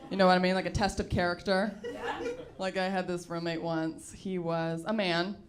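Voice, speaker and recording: A woman's voice: on the low side, flat delivery, normal speed. A young woman doing a teasing, self-deprecating stand-up set on a club stage, laughing at her own jokes. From Sweden. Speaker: stand-up comedian. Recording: noisy live club recording. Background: audience laughter.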